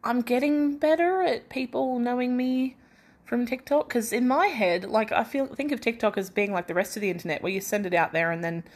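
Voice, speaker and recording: A woman's voice: a little high, a little fast. A young Australian woman hosting her own podcast in casual solo chat, feverish, rambling and self-deprecating with many restarts. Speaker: podcast host.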